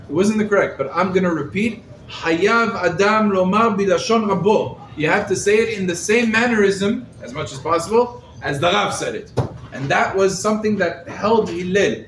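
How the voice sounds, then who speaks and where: A man, a rabbi, giving a lively Torah class to a live group, quizzing his listeners and using Hebrew terms, recorded from across the room. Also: high voice, normal speed. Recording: roomy echo, mic set far off, faint background noise.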